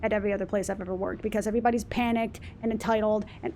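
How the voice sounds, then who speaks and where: A woman ranting in casual chat over gameplay, exasperated, quick to swear and act out customers. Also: mid-range voice, fairly even intonation, mellow, slight background noise. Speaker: let's play host.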